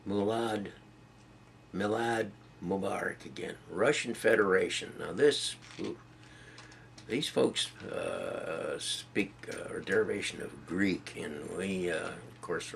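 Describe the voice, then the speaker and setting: A middle-aged man in a casual video blog, reading out a list of foreign phrases haltingly and stumbling over them, with a folksy, self-deprecating manner. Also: low voice, vocal fry, slight background noise. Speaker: video blogger.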